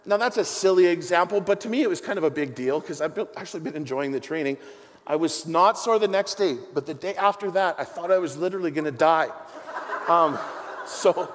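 A middle-aged man with a high voice preaches to a congregation, telling stories with playful, self-mocking asides. His voice rings with the long reverb of a large hall. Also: slight background noise. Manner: animated, joking storyteller with self-deprecating asides. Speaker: pastor. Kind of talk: sermon.

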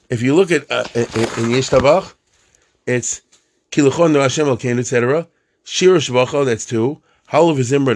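A man with a husky, breathy voice at a middle pitch gives an informal religious lecture. He talks in a loose, chatty way, often asking his listeners whether they follow him. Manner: chatty, checks in with listeners, counts aloud. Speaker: religious teacher.

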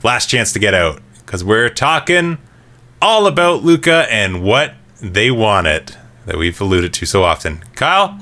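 Lively low-voiced man hosting a podcast. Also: unhurried. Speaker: podcast host. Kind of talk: casual chat.

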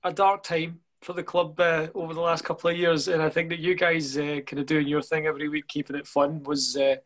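A podcast host, a man, closes out an interview with warm praise and plugs. His voice sits on the higher side and he chats casually. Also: level tone, fairly quick. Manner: friendly, enthusiastic praise.

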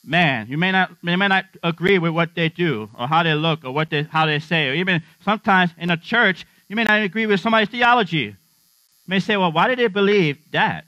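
A man's voice: high voice, fairly quick, sharp tone, no room sound. A middle-aged man preaching a sermon as pastor, humorous and conversational, often asking the congregation questions. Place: church. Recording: dull, slightly lo-fi dry sound with mains hum.

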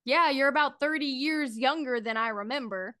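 A woman's voice: high-pitched, moderate pace, fairly bright tone. A woman voicing a suspicious armed male hermit in a Southern accent, talking curtly and with threat. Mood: wary. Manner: curt, wary, threatening. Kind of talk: improvised tabletop role-play.

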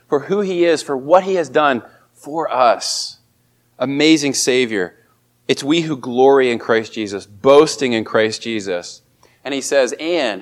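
A man preaching a sermon as a pastor, speaking earnestly and lifting his voice on emphatic lines. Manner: earnest, rises in pitch and volume on emphatic quotes.

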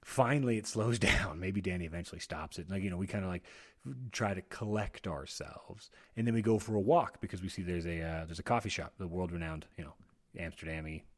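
A man's voice: deep voice, fairly even intonation, fairly quick. An American man casually telling a rambling personal story, with many restarts and laughing asides. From United States.

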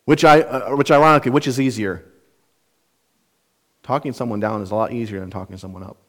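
Explaining the meanings of words and putting rhetorical questions to his listeners, a pastor preaches an earnest, emphatic expository sermon in a mid-range voice that moves fairly quickly.

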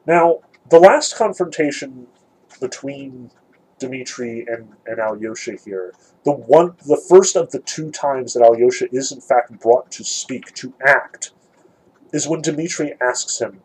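A man's voice: mid-range voice, expressive, measured pace, a little mellow, slightly rough, low-quality recording. A man giving a thoughtful, emphatic lecture on a novel, reading passages aloud and picking them apart. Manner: thoughtful, emphatic, some restarts. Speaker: literature lecturer.

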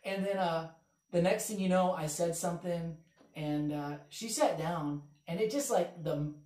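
A man's voice: fairly high pitch, a little slow, a little mellow. A man casually telling a long stand-up story, rambling and profane, with one stock phrase coming back again and again. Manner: rambling, profane, repeats "the next thing you know". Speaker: comedian and podcast guest. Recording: roomy, distant mic.

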